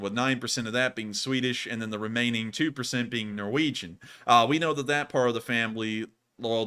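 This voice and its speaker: An American man hosting a livestream, chatting casually and rambling, with frequent restarts and bursts of excitement. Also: medium pitch. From United States. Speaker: livestream host.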